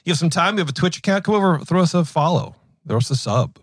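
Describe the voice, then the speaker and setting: In a dry, studio-quality recording, a man in his thirties hosts a podcast with a fairly high-pitched, fast voice. He chats casually, rambling through animated stories with many fillers and restarts.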